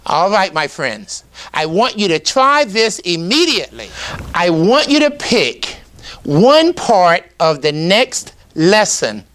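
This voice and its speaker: Exuberant, animated male teacher trainer. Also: high voice. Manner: exuberant, emphatic, drawn-out words, hums and exclamations. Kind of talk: animated teaching talk to camera.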